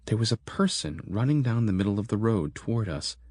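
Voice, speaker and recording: A man narrating a horror audiobook in a steady, measured storytelling manner. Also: lowish voice, slightly rough, no echo, studio quality.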